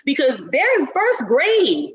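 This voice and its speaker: A woman co-hosting a podcast in casual chat, telling a story with lively acted-out quotes. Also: high-pitched, slow, muffled recording. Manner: animated storyteller who acts out quotes. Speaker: podcast co-host.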